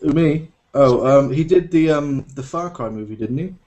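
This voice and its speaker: A man's voice: fairly high pitch, expressive, moderate pace, warm tone. A British man co-hosting a casual podcast, hesitant and full of ums. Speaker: podcast co-host.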